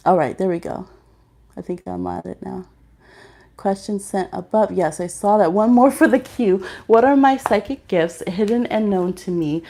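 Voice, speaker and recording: A woman's voice: medium pitch, normal speed, creaky, dark tone. A woman hosting a live-stream tarot reading, chatting casually with many fillers while she reads the chat aloud.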